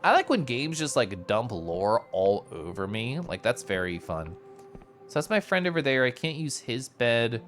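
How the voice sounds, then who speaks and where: A man's voice: mid-range voice, very animated, normal speed, a bit bright. A young man chatting casually while streaming a game, rambling and full of asides. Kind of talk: casual gameplay commentary.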